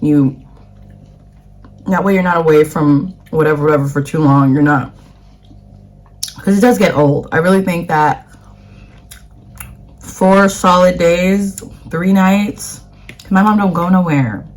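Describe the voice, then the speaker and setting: A woman's voice: lowish voice, a little slow, pauses often. A woman from the United States, a vlogger chatting casually to camera in a rambling way with plenty of fillers.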